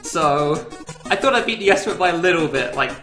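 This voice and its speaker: A man speedrunner, close to tears, commenting live on his own run in an elated, laughing, halting way that often leaves him lost for words. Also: fairly high pitch, animated, bright, forceful tone, soft background music. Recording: roomy echo.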